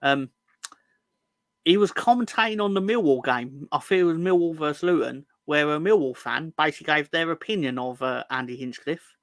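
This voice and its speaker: Man, football fan podcast host, sarcastic banter, swears a lot, higher voice, dry close sound. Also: a little fast, fairly bright tone, no room sound. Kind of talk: casual football fan chat.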